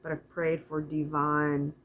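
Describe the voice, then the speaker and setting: A middle-aged woman giving a casual spiritual oracle card reading, talking in a soft, meandering way and reading card texts aloud slowly. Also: deep voice, monotone, background noise.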